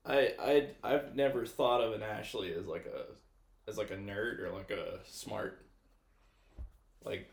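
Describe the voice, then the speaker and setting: A man from the southern United States, co-hosting a casual podcast and talking in a relaxed, halting way. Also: lowish voice, gravelly, echoey room. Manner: relaxed, halting, heavy use of "like". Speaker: podcast co-host. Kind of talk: casual chat.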